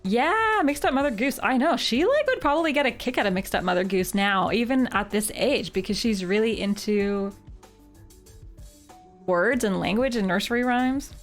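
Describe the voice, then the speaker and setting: A woman's voice: a little high, lively intonation, moderate pace, soft background music. A woman streamer from Canada chatting casually with her live viewers. She talks in a chatty, giggly way and says "like" often. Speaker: game streamer.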